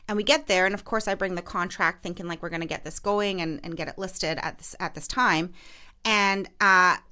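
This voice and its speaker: A woman's voice: fairly low pitch, fairly even intonation, moderate pace, bright, forceful tone, clear, resonant tone. Give me a woman podcast host casually telling a client story, rambling with fillers. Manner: chatty, lots of fillers and restarts.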